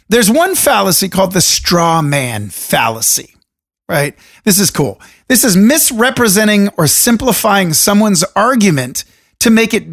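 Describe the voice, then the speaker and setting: A man hosting a solo podcast, talking alone into a studio microphone in a deliberate radio voice with jokey, rambling asides. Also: sits high, vocal fry, fairly bright tone. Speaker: podcast host. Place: room alone.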